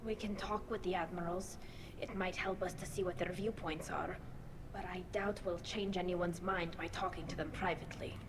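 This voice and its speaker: A woman's voice: lowish voice, steady tone, normal speed, noisy background, lightly acted. An actress voicing an earnest young alien woman engineer in a video game. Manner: earnest, thoughtful.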